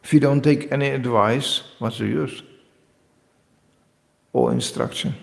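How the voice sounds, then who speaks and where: Gravelly man giving a devotional lecture in a reverberant hall. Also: medium pitch, a little slow. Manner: lively, joking, acts out quoted voices. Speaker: spiritual teacher.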